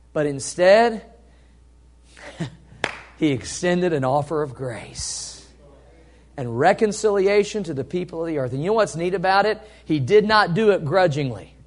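A man preaching a sermon to a congregation in an animated way, asking them questions and acting out little scenes. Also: high voice, unhurried. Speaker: pastor.

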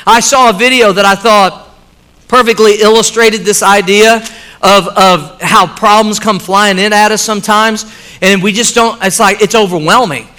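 A man's voice: sits high, steady tone, normal speed, bright, forceful tone. A man preaching a sermon to his church, emphatic and repeating key phrases for weight. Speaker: pastor. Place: church sanctuary with congregation.

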